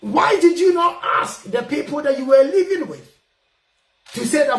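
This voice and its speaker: A man's voice: very high voice, moderate pace, vocal fry. A Ghanaian man with a strong Ghanaian English accent hosts a talk programme in a casual, lecturing way. His voice rises and falls a great deal and he often raises it to stress a point. The sound carries an echoey room. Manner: animated, emphatic, raising his voice to make points. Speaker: radio programme host. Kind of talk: casual call-in radio talk.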